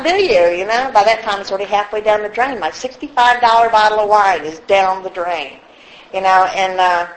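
A woman's voice: mid-range voice, a little hiss or hum, poor audio. A woman telling her own story of getting sober to a group, candid and self-mocking, acting out the people she quotes. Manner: candid, laughs at herself, acts out quoted voices. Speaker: speaker sharing recovery story at a meeting. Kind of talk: personal story told to a group.

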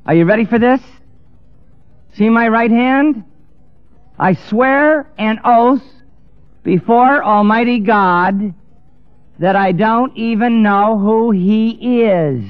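A man's voice: sits high, takes it slowly, long pauses, clear, resonant tone, soft background music, voice pushed up. A preacher playing a frightened man who stammers out his denials. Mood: defiant. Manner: stammering, pleading. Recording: dull lo-fi recording.

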